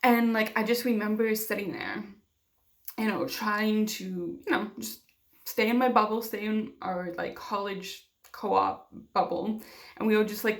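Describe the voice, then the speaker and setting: Young woman, vlogger, candid personal story, gravelly fry in her voice, chatty with lots of fillers. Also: medium pitch. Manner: candid, conversational, many fillers.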